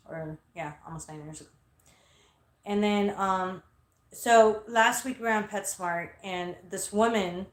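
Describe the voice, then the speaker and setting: A woman casually telling a story, animated and profane, quoting herself loudly. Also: on the low side, echoey room.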